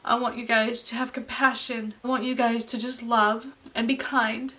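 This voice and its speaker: Young woman in her late 20s, vlogging, earnest and kinda halting, higher voice, mic a little far off. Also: flat delivery, pushed and bright. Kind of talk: emotional personal vlog.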